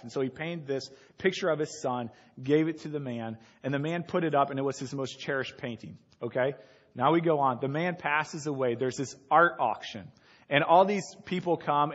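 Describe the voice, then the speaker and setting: A pastor preaching a sermon, telling a story and then building to emphatic points. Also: male voice, a little high, fairly bright tone, muffled recording.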